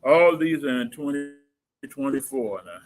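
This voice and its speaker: A man's voice: medium pitch, lively intonation, unhurried, rough recording. A man hosting a community livestream talk show, speaking hesitantly with many fillers and laughing easily. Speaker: host.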